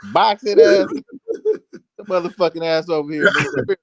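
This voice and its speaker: A man co-hosting a livestream, talking in a loud, animated, mocking way and laughing often. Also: on the high side, normal speed, no room sound. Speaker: co-host. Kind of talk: livestream banter.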